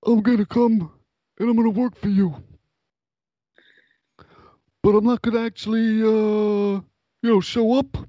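A man putting on the voice of a brash, menacing Italian-American tough guy, loud and profane. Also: high-pitched, flat delivery, a little slow, pauses often, dry recording, dull audio, voice pushed up.

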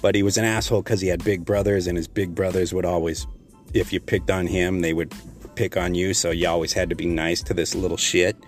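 Low-voiced man, casual profane storyteller, rambling with fillers, faint music bed. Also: level tone, fairly quick. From Texas.

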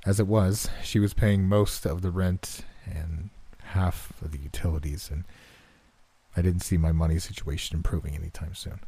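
A man narrating a first-person horror story in a steady, measured, subdued way. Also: sits low, breathy edge.

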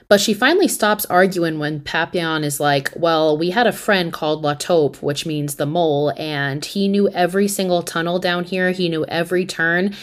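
A woman hosting a podcast, recapping a horror movie in a casual, animated, profane and slangy storytelling manner. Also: fairly low pitch, normal speed, few pauses. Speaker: podcast host.

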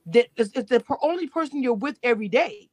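Animated woman from Louisiana, dry sound. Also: fairly high pitch, fast, dry recording. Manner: animated, emphatic, talks over others. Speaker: co-host. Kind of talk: casual live-stream recap chat.

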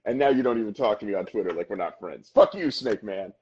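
Animated man with a lively voice. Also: fairly low pitch, quick pace, dull audio. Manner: animated, swearing, mimics others in asides. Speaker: podcast co-host. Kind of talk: casual chat.

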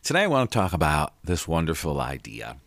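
Man, middle-aged, very low voice, dry close sound, earnest casual pep talk, repeats points for emphasis. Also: huge pitch swings, a little fast, fairly bright tone, no room sound. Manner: earnest, conversational, occasional swearing; emphatic repetition. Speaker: podcast host and life coach. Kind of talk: casual motivational monologue.

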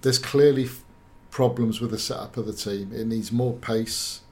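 A man giving his opinion as a pundit in a measured way, sometimes searching for words. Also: fairly low pitch, fairly even intonation, darkish tone. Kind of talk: casual discussion.

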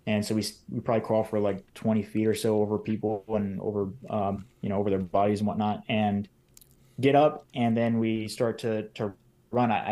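A man's voice: on the low side, dark tone. A man, a podcast guest, casually retelling events in detail, acting out what people said and filling his speech with "like.". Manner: retells events in detail, acting out quoted lines, many fillers like "like". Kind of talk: casual personal storytelling.

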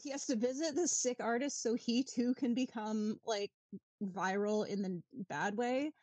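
A woman's voice: a little high, darkish tone, dry recording. Wry, sweary woman co-hosting a podcast. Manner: wry, sweary, quick asides. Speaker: podcast co-host. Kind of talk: casual chat.

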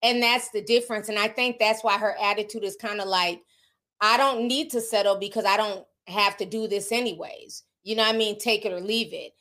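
A woman's voice: mid-range voice, steady tone, brisk, pushed and bright. A woman with a Southern US accent hosts a casual celebrity gossip livestream, reading viewer comments and giving candid opinions. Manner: chatty, candid, laughs often, reacts to viewer comments. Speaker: livestream host reading chat.

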